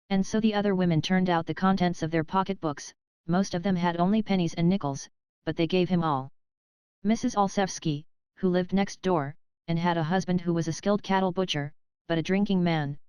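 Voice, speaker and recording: A woman reading a classic novel aloud as an audiobook narrator, in a steady, measured way. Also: fairly low pitch, clean tone, no echo. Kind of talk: scripted narration.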